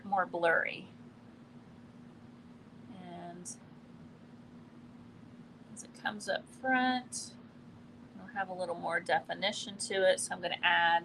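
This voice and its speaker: A woman doing a live painting demonstration, relaxed and thinking aloud as she works, often trailing off mid-sentence. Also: medium pitch, slight background noise. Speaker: art instructor. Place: quiet indoor studio in a building.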